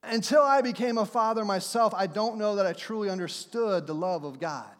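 A high-pitched middle-aged man preaches as pastor at normal speed, chatting conversationally with the congregation. He shifts into playful acted voices and laughs with his points. It's recorded in a church sanctuary with long hall reverb.

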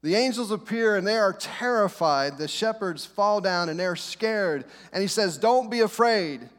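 A middle-aged man, a pastor, preaching a sermon with dramatic pauses and repeated reassurances. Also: high voice, fairly bright tone. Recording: long hall reverb.

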